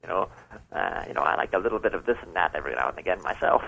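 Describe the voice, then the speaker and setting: A pompous, smug caller putting on grand, mock-formal airs, played by a man. His voice is gravelly and husky, and it rises and falls in lively swings. He teases the hosts with sly, suggestive remarks, like a phone-in on a comedy radio show. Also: deep voice, racing, highs cut off, heavily acted. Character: pompous prank-caller man posing as a rock singer. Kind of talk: comedic prank call on radio.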